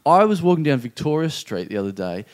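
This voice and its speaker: Brief: male podcast host, high-ish lively voice, stammering, laughing storyteller. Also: quick pace. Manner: stammering, animated, laughs a lot. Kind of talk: casual comedic storytelling.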